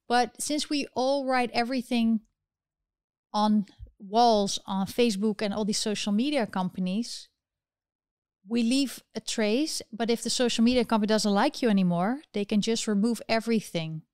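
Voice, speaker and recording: Female livestream host, impassioned, rhetorical, higher-pitched, dry close sound. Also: normal speed, darkish tone, clear, resonant tone, no room sound. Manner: impassioned, fires rhetorical questions. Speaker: political commentary host. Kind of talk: livestream commentary reading chat.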